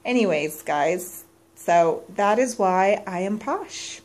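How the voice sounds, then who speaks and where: A woman's voice: medium pitch, animated, slow pace, darkish tone. A young adult woman speaking enthusiastically about her direct sales business in a personal testimonial vlog, gushing and repeating herself.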